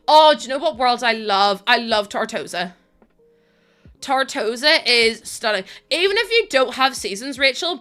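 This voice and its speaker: Bright-voiced Northern Irish woman streamer. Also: on the high side. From Northern Ireland. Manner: chatty, laughs often, thanks viewers by name. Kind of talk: casual live-stream chat.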